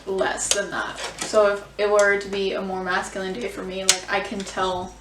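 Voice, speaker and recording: A young adult woman chatting candidly in a casual reaction vlog, expressive, swearing freely and filling with "like". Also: mid-range voice, moderate pace, background noise. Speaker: vlogger. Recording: roomy sound, mic at a distance.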